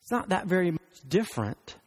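A male pastor preaching a sermon, animated and emphatic, with rhetorical questions. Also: high voice, a little fast.

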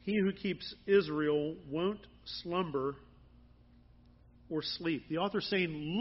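A man delivers a sermon in a conversational, earnest way, his emphasis rising now and then. His voice sits high and comes out husky. The recording sounds a little muffled. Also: slow pace. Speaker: pastor.

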